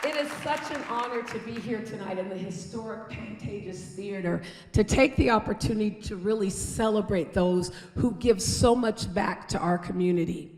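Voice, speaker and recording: A woman's voice: mid-range voice, moderate pace, a little mellow. A woman mayor addresses an awards crowd in an earnest, rallying tone and calls out to the audience to get them going. Her voice rings through a large theater with long reverb. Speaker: mayor giving a welcome speech. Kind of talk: public speech at an awards ceremony.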